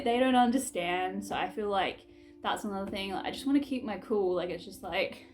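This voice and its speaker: A young woman chatting casually to camera in a room at home, rambling and reflective with many fillers. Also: medium pitch. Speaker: vlogger.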